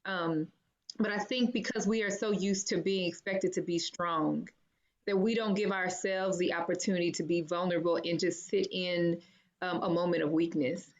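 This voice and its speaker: A woman's voice: on the low side, fairly even intonation, normal speed, muffled recording. A woman on a group video call, holding back tears as she responds with thanks. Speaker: podcast host guest. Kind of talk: casual chat.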